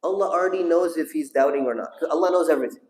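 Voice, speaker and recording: In an echoey mosque hall, a sheikh with a rather high, darkish voice speaks very fast while teaching a class. His religious lesson is told as a story, and he asks the audience questions and calls on listeners.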